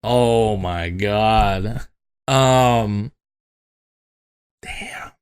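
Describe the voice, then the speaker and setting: A man's voice: fairly low pitch, extremely slow, clear, resonant tone. A man co-hosting a podcast, telling funny family stories in a loose, laughing way and acting out the people he quotes. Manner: laughing storyteller, swears freely, acts out quotes. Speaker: podcast co-host. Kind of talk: casual chat.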